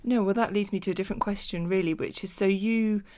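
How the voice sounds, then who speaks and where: A woman's voice: medium pitch, steady tone, fast, a little mellow. A woman hosting an interview, asking curious, playful questions and laughing often. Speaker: podcast host. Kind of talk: casual interview.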